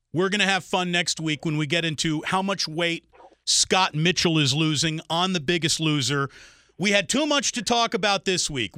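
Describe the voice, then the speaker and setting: A man's voice: a little high, sharp tone, clear, resonant tone, no echo, clean studio sound. A man hosting a sports radio interview, chatty and teasing his guest. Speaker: radio host.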